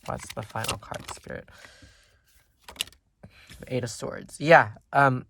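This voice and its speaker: A tarot reader talking through a casual pick-a-card reading. The delivery wanders and is full of ums and likes as the reader thinks aloud. The tone stays gentle and reassuring, and the voice sits at an ordinary middle pitch. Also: takes it slowly, gravelly, husky. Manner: gentle and reassuring toward viewers.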